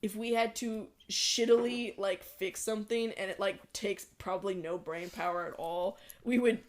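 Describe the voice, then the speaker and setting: A woman's voice: mid-range voice, steady tone, moderate pace. A young woman co-hosting a podcast in casual chat, laid-back and swearing casually. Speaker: podcast co-host.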